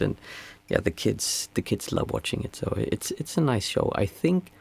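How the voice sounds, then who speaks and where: A man's voice: on the low side, sing-song, gravelly, darkish tone, husky. A man, a meditation teacher chatting casually and reflectively with viewers on a livestream. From Sweden. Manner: unhurried, reflective, reads out chat messages.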